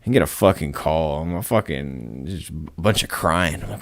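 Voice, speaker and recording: Deep voiced dude guesting on a podcast, swears a lot, rambles, dry mic. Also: male voice, normal speed, gravelly, dry recording. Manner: profane, rambling, animated storytelling. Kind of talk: casual chat.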